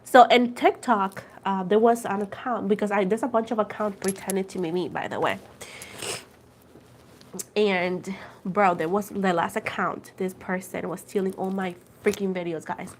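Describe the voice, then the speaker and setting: A chatty woman talks straight to her livestream audience, calling them "guys" and "girl". Her voice sits at an ordinary middle pitch. She tells little stories with animated energy and goes back over each point a second time. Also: moderate pace, a little hiss or hum. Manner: addresses viewers as "guys" and "girl". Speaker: tarot reader livestreaming. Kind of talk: casual livestream chat.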